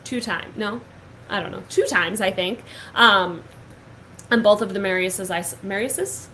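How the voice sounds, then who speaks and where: A woman's voice: medium pitch, unhurried, sharp tone, a little hiss or hum, rough recording. A young woman hosting a casual online show, gushing and upbeat, with lots of filler words. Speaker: host. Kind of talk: casual chat.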